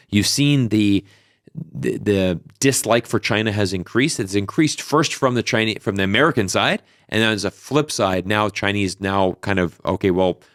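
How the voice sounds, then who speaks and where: A man's voice: fairly low pitch, no echo, studio quality. A man in his thirties, telling stories in a casual interview with lots of fillers and restarts. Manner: animated storyteller, many fillers and restarts. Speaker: podcast guest.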